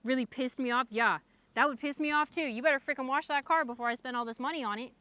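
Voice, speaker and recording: High bright chatty young woman. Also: fast talker, no echo. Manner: chatty, animated, frequent "like" fillers. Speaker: livestreamer. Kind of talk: casual storytelling to chat.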